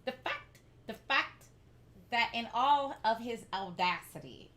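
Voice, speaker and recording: A woman's voice: fairly high pitch, lively intonation, slow pace, fairly bright tone. A woman hosting as a love coach, talking emphatically and with sass to her listeners. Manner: emphatic, sassy, addresses listeners directly. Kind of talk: casual chat.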